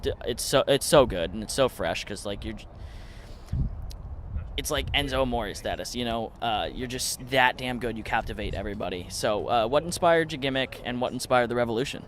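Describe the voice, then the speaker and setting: A man's voice: medium pitch, fairly quick, fairly bright tone, slight background noise. A man hosting an interview, asking questions in a casual, admiring way. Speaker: host.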